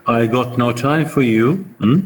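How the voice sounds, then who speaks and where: A man with an Iraqi Arabic accent voicing a brash, sharp-tongued woman army trader, reading her lines aloud in class. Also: medium pitch, a little slow, close to an everyday voice. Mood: scolding. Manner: reads the quoted lines aloud in a plain lecturing voice. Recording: reverberant room, faint background noise.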